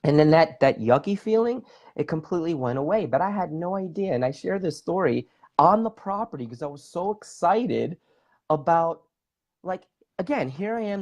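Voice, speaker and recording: A middle-aged man tells his story with a very lively, swooping voice, full of enthusiasm and casual fillers. He speaks as an interview guest sharing his own experiences. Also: a little high. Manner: enthusiastic, talks with his hands, lots of fillers. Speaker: guest, bodywork practitioner and facilitator.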